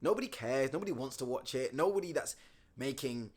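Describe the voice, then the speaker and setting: A young man vlogging while travelling, excitable and slangy, laughing often and restarting his sentences as he talks to the camera. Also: mid-range voice, fairly quick, husky. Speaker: vlogger and outreach business owner. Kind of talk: casual travel vlog with talk to camera. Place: outdoors in streets and mountain roads.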